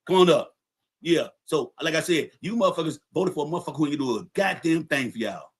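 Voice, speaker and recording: A man hosting his own podcast livestream, in the middle of a heated, profane rant. He talks in a somewhat high voice, confronting his viewers directly and repeating lines to drive them home. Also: a bit bright. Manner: angry, profane, repetitive, confrontational. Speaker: podcast host. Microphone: livestream setup.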